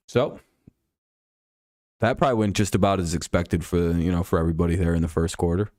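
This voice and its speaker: A man's voice: deep voice, fairly even intonation, brisk, a little mellow, no echo, studio quality. A man hosting a live stream, casually chatting with viewers while commenting on a football game, rambling, laughing often and swearing freely.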